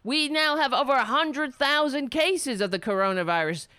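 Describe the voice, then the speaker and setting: A woman's voice: sits high, expressive, normal speed, pushed and bright, no room sound, studio quality. A woman giving an angry, profane commentary on a played clip, sarcastic and mocking. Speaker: political commentator.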